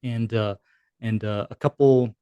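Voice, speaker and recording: This thirtysomething military veteran shares a profane, casual war story as a podcast guest, voicing the people he quotes. His mid-range voice is smooth and a little slow, with fairly even intonation, in a dry yet muffled recording.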